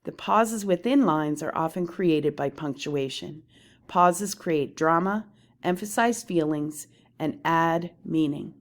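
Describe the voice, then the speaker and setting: A woman with a low voice walks through poetry terms on her slides, explaining each slowly and deliberately and pausing along the way.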